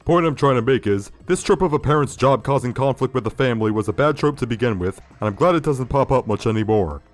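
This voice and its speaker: A man's voice: medium pitch, lively intonation, fast, faint music behind. A man hosting a critical video review, sardonic and profane. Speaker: video essay host.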